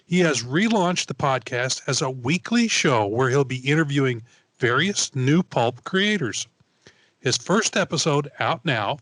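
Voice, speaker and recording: A man co-hosting a podcast, chatting and reading out an announcement in a steady, plain way. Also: on the high side, no echo. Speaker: podcast co-host. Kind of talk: casual chat and reading an announcement.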